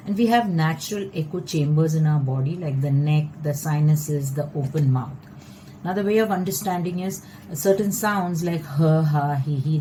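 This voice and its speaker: A woman vocal coach teaching a lesson, explaining in a measured, patient way. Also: low-pitched, dark tone, slight background noise, low-quality recording.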